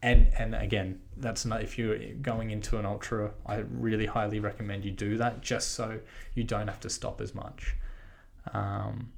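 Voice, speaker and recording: An Australian man with a low, gravelly voice and a lot of fry. He talks in a laid-back, rambling way as he recaps for his podcast, swearing freely. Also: flat delivery, normal speed. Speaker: podcast host. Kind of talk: casual spoken recap.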